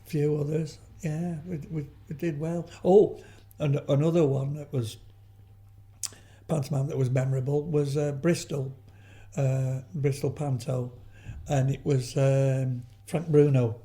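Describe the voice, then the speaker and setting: A man's voice: medium pitch, warm tone. Older man telling rambling anecdotes. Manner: rambling storyteller, frequent restarts and trailing asides. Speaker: guest, veteran comedian. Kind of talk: anecdotal interview chat.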